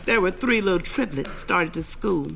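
A woman comedian telling a raunchy joke, switching into high voices for the people in it. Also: expressive, moderate pace, gravelly, a bit bright, a little hiss or hum. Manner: raunchy storytelling, high acted voices for quoted lines. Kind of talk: recorded stand-up joke telling.

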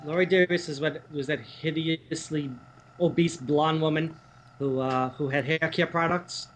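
A man with a slightly high voice answers in a flat, deadpan way, as if barely paying attention. Faint room noise sits underneath him. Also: a little slow, rough recording. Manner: dry, deadpan replies.

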